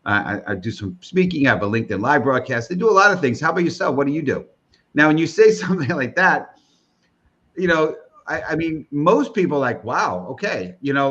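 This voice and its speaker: A man's voice: mid-range voice, fairly bright tone, dull audio. A man from the American Northeast hosting a live interview broadcast, rambling casually with many restarts and fillers while hyping up his audience. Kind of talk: casual live-stream chat.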